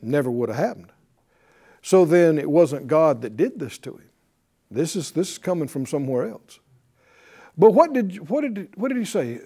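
A man teaching a Bible class in a fervent preaching style, breaking into hallelujahs and quick laughs. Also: a little high, sing-song, dark tone, slightly rough.

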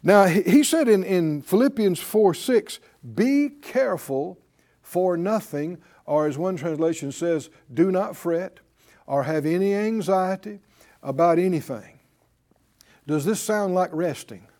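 High-voiced emphatic male preacher. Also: animated, a little slow, warm tone. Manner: emphatic call-and-response preaching, rising in force. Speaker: pastor. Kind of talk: sermon.

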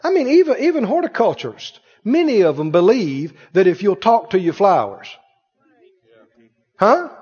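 High-voiced, lively preacher in a hall. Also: male voice, moderate pace, breathy edge. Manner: emphatic preacher, swings from loud to hushed. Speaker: pastor. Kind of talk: sermon. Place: church sanctuary. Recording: dull echoing church hall.

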